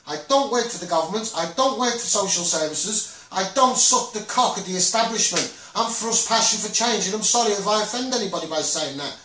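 A man's voice: sits high, animated, brisk, hardly any pauses, sharp tone. A man with a Scouse accent hosting a Facebook live, talking in a rambling, impassioned way with many restarts. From Liverpool. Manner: rambling, repetitive, with frequent restarts and "um"s. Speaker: Facebook live host and campaigner. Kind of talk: impassioned live stream monologue. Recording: roomy echo, distant from the mic.

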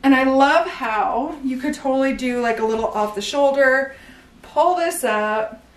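A woman's voice: high-pitched, a little slow. A woman doing a casual clothing try-on haul, chatty and bubbly, full of slang and filler words. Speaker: clothing store owner showing new stock. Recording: echoey room, some distance from mic.

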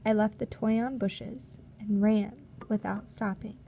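A woman reading a storybook chapter aloud in a measured, steady narration. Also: mid-range voice, gravelly, muffled recording, a little hiss or hum. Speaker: audiobook reader.

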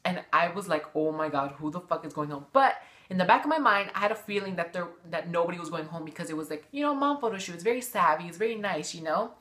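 A woman's voice: fairly low pitch, animated, fast talker, hardly any pauses, fairly bright tone. Sassy, foul-mouthed woman vlogger. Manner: sassy, profane, gossipy. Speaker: vlogger recapping a TV show. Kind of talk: casual chat.

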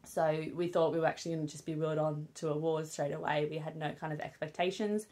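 A woman's voice: sits low, fairly even intonation, fast, a little mellow. A young woman with a British accent, chatting candidly to camera as a vlogger, with many fillers like "um" and "obviously". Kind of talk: casual chat to camera. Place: at home with her newborn.

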